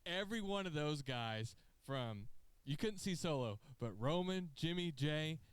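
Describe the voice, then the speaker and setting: A man co-hosting a casual podcast, his voice smooth and resonant as he rambles through animated, profane retellings. The sound is close and dry, with no room around him. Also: a little high, measured pace, no room sound. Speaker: podcast co-host. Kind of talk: casual chat, excited storytelling. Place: podcast studio.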